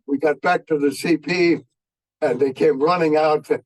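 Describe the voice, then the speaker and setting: An elderly man in his nineties speaks at a memorial, telling old war stories. His voice sits rather high for a man and sounds dry and close. He talks in a folksy, halting way, with frequent fillers. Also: fairly even intonation, a little mellow, no echo, rough recording. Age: 90s. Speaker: veteran speaker. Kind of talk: anecdotal war storytelling.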